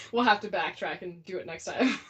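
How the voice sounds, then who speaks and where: A woman's voice: lowish voice, fairly bright tone. A young woman co-hosting a casual chat about a story, laughing often and talking animatedly. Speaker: podcast co-host discussing fan fiction.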